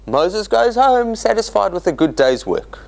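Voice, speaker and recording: A man's voice: high-pitched, very animated, measured pace, creaky, a little mellow. A man teaching as a rabbi in an interactive class, questioning his listeners and acting out the quotes he reads.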